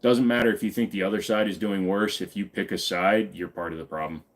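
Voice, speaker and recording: A man's voice: deep voice, fairly even intonation, fairly quick. A man in his forties hosting a live stream Q&A. He talks bluntly and casually and swears freely. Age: 40s.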